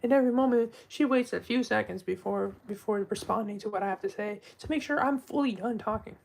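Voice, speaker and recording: A woman talking in a casual live stream monologue, soft-spoken and heartfelt, often trailing off and restarting her sentences. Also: mid-range voice, fairly quick, vocal fry, rough recording.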